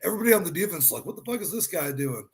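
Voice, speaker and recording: A man's voice: sits high, big pitch swings, racing. A man hosting a sports podcast, telling stories animatedly, acting out quotes and swearing freely. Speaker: podcast host. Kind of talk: casual sports chat.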